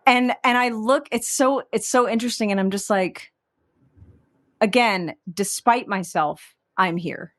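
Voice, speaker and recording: A singer-songwriter from Texas speaks as an interview guest in a fairly high, slightly bright voice at a measured pace. She's candid and reflective, laughs easily, and says "like" a lot.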